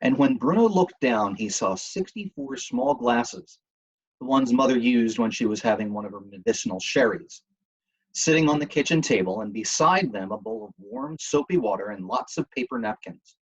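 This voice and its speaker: A man with a husky voice reading a novel aloud in a steady storytelling manner. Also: mid-range voice, normal speed, muffled recording. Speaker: reader. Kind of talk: audiobook reading.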